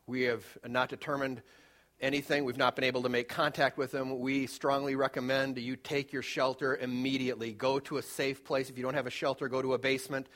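A man voicing a male government official giving a slow, measured emergency warning on the radio. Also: mid-range voice, flat delivery, a bit bright, natural voice. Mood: grave.

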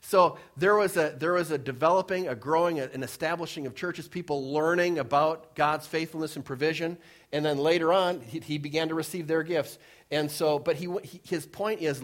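A male pastor preaching a sermon, reading scripture and explaining it, swinging between emphatic rises and soft, low drops. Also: normal speed.

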